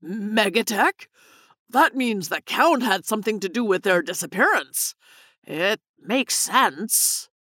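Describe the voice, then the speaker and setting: A woman's voice: medium pitch, sing-song, normal speed, few pauses, fairly bright tone, dry recording. Nervous evasive scientist man, read by a woman, hesitant, dry storybook sound. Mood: fearful. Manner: backpedaling, hesitant.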